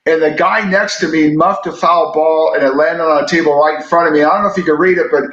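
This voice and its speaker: Man, sports reporter, relaxed storyteller, fairly high voice, echoey room. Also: fast talker, highs cut off. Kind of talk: casual chat storytelling.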